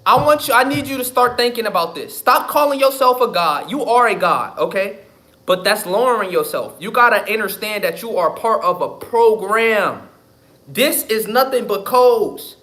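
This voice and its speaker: On his live stream, a male host chats casually but forcefully, swearing and saying things over and over. His voice sits high with a sharp tone, expressive delivery, and a normal pace.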